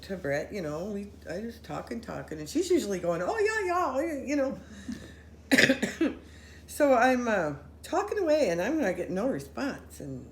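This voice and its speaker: Lowish-voiced woman telling a story in an echoey room. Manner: animated, acts out quoted voices, run-on sentences. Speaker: storyteller recounting a paranormal experience. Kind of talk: casual storytelling among friends. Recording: roomy echo with faint noise.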